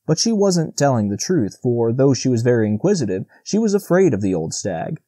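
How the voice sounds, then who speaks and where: A man narrating a classic children's novel as an audiobook in a steady, measured reading. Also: medium pitch, husky, no room sound, clean studio sound. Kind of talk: scripted narration.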